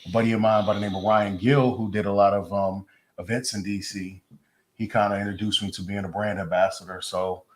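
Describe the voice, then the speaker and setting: A man guest in a casual interview, telling his story in a relaxed, low-key way. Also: a little fast.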